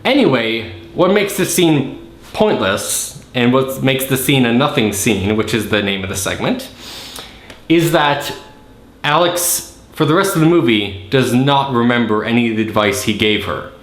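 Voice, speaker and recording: Male podcast host, mid-pitched, sarcastic, casual movie riffing, echoey room. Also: lively intonation, measured pace. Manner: sarcastic, acts out scenes in silly voices. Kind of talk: casual comedic movie critique. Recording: roomy echo.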